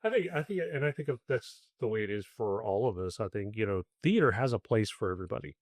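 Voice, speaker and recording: A man's voice: lowish voice, expressive, quick pace, no echo, clean studio sound. A man hosting a theatre podcast, speaking in a supportive, reflective way. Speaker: podcast host. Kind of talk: podcast interview chat.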